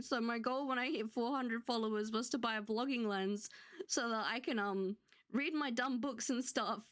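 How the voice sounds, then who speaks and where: A woman talks casually to her live-stream audience, candid and effusive. Her voice sits slightly on the high side as she pours out thanks.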